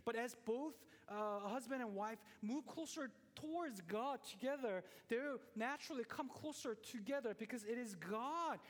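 A man in his forties delivers a relaxed sermon in a fairly high voice. He tells the story with animation, full of fillers and quick restarts. A long reverb hangs behind him. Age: 40s. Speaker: pastor. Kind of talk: conversational sermon.

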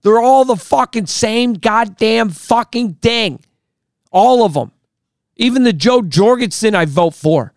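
Male podcast guest, slightly high voice, profane angry rants, dry studio sound. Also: animated, a little slow, no echo. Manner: angry, profane ranting that builds in pitch. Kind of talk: heated podcast conversation.

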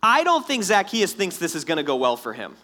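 A man preaching a sermon in a lively, conversational way, acting out the quotes. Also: high voice, a little fast. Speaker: pastor.

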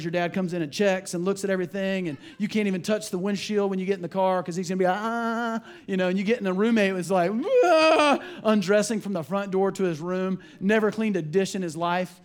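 A man preaching a sermon as pastor, animated, with asides and acted-out quotes. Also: sits high.

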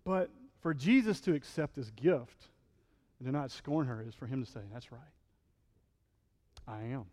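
A man's voice: mid-range voice, expressive, moderate pace, darkish tone, big-room sound. A male pastor preaching a sermon in a conversational style, acting out quotes and building to fervent peaks.

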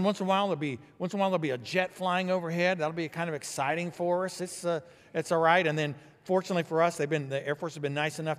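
A man's voice: medium pitch, big-room sound. A man preaching a sermon as pastor, in an earnest, conversational, plainspoken way. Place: church sanctuary.

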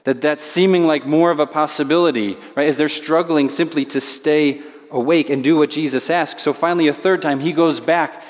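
A man's voice: fairly high pitch, steady tone, moderate pace, hardly any pauses. A man preaching a conversational sermon as pastor, with casual asides to the listeners. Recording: long hall reverb.

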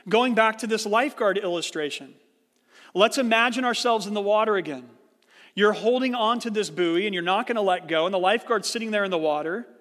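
High-voiced male pastor preaching in a hall. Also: a bit bright. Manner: storytelling with acted-out quotes, earnest and explanatory. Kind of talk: sermon.

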